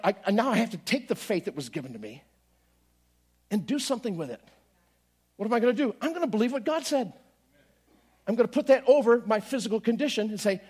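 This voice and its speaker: Barwny, ożywiony kaznodzieja, mężczyzna. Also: male voice, high voice, slightly rough. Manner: animated, swings from quiet to loud, acts out his own prayers. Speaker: pastor. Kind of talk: sermon storytelling.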